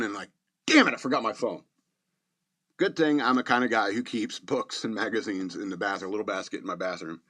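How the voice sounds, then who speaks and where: A man's voice: on the low side, fairly bright tone. A man in his fifties hosting a podcast, rambling through a casual story with chuckles and fillers. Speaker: podcast host.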